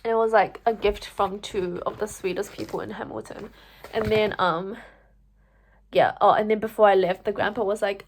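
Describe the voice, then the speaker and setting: Speaking at medium pitch and normal speed, a young woman vlogger relates a personal story to the camera in a chatty manner full of fillers and "like." She becomes animated when quoting herself, and a little hiss or hum is audible.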